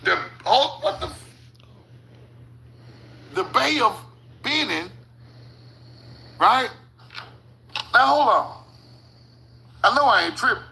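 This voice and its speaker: A man with a very high, bright voice and plenty of gravelly fry gives loose, profane commentary over maps. He talks slowly, his pitch swinging widely as he keeps stopping to say "hold on" and laughing at his own points. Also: animated, poor audio. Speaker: channel host.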